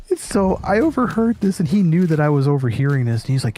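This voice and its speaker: A man's voice: on the high side, lively intonation, rapid-fire, dark tone. A man hosting a gaming channel, telling a story casually, laughing often and swearing freely. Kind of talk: casual storytelling over gameplay.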